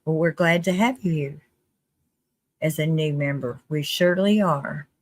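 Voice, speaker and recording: A live-stream host giving casual commentary in a chatty, earnest way, with restarts and quick laughs. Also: mid-range voice, no room sound. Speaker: livestream host.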